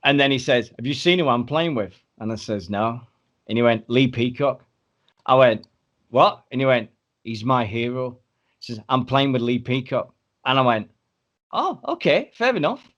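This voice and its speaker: A podcast host tells stories with animated energy. His voice sits at an ordinary middle pitch. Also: moderate pace, dull audio. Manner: animated storyteller. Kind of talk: casual anecdote chat.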